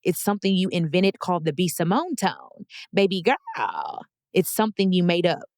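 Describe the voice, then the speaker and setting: A woman's voice: on the low side, very animated, normal speed, darkish tone, no echo. Emotional woman reading her own letters. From Texas. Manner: heartfelt, emotional, affirming. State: tearful. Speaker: podcast host. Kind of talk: reading personal letters aloud.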